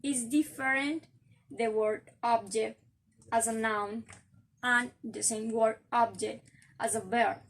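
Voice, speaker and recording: A woman's voice: a little high, fairly even intonation, slight background noise. A young woman with a Colombian Spanish accent, giving a careful class presentation on word stress. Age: young adult. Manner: slow, careful, explanatory. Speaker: student presenter.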